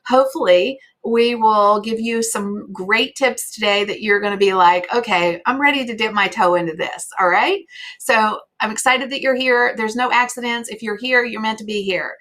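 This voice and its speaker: Us woman hosting a live stream, chatty, lots of ums and restarts, bright voice. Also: medium pitch, moderate pace. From United States. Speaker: host.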